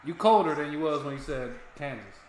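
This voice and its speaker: A man's voice: a little high, expressive, fairly quick. A man, co-hosting a sports watch-along, teasing his friend in casual, profane banter. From United States. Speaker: co-host of a footy watch-along. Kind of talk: casual streaming chat. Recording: echoey room with faint noise.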